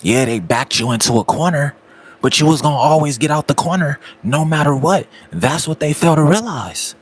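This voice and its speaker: A man's voice: on the high side, lively intonation, brisk, husky. A man, giving a repetitive, preachy motivational talk aimed straight at the listener. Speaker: motivational speaker.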